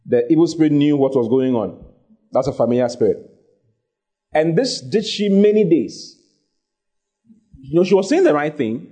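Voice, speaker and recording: Fervent husky preacher. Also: male voice, mid-range voice, mellow. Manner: emphatic, repeats key phrases, rising to fervent exhortation. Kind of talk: sermon.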